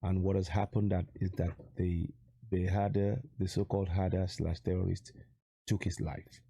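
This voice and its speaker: A man's voice: low voice, little pitch movement, normal speed, creaky, dark tone, breathy edge, no room sound. A man from Nigeria speaking straight to camera as an activist vlogger, urgent and pressing, repeating rhetorical questions to drive his point home. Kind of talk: direct-to-camera appeal.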